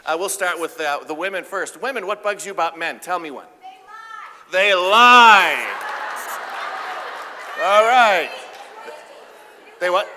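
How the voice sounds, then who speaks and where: A man giving a live keynote talk, playful and joking, getting the audience to shout out answers. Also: fairly high pitch, fast, hardly any pauses, a little hiss or hum. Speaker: keynote speaker. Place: large event hall with audience. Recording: live hall with reverb.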